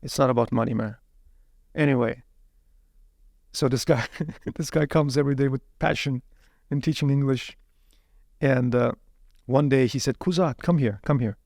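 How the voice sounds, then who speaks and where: Gravelly-voiced man telling his story animatedly. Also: medium pitch, moderate pace, dry recording, clean studio sound. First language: Uyghur. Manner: animated, repeats words while searching for them. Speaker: interview guest. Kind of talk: casual storytelling interview.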